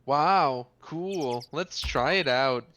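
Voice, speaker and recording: Slow-talking bright-voiced man. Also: on the high side, slight background noise. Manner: joking, playful, reads lines aloud. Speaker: streamer reading a game aloud. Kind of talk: casual let's-play reading and chat.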